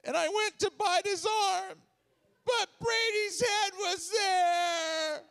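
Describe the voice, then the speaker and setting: A woman's voice: sits high, measured pace, a bit bright, long reverb tail, pitched above the performer's own voice. A man voicing his panicked young wife, breathless and tearful after waking from a nightmare. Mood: distraught.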